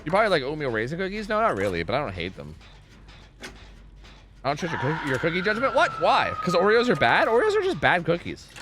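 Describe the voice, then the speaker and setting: Excitable, swooping man streaming a game. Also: fast talker. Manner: excitable, profane, swings from loud pleading to low mumbling. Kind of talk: live gaming commentary with chat.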